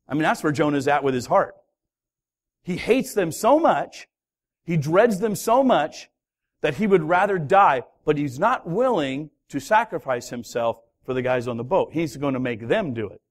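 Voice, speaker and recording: A pastor preaching a sermon, telling a story with lively, acted-out voices of its characters. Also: male voice, high voice, normal speed. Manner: animated storytelling, acting out voices of the sailors. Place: church hall.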